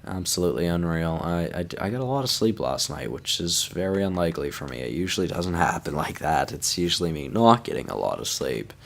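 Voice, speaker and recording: Young man, very low voice, sleepy and yawning, casual game commentary. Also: animated, a little fast, gravelly, hardly any pauses, a bit bright. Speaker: gaming YouTuber.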